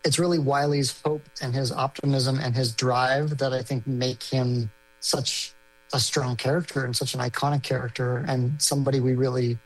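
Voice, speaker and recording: A man's voice: mid-range voice, flat delivery, moderate pace, poor audio. A man, a film director, answering interview questions enthusiastically, often repeating words as he thinks.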